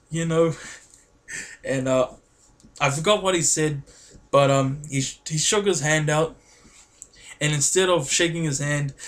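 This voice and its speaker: Excitable guy vlogging, slightly high voice, rambles and keeps saying guys and you know. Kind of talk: casual storytelling to camera.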